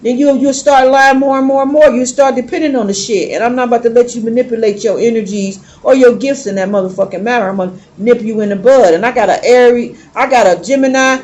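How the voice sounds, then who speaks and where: A woman's voice: on the high side, fast talker, hardly any pauses, a little mellow. Blunt, profane woman tarot reader. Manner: blunt, emphatic and heavily profane. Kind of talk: casual unscripted monologue.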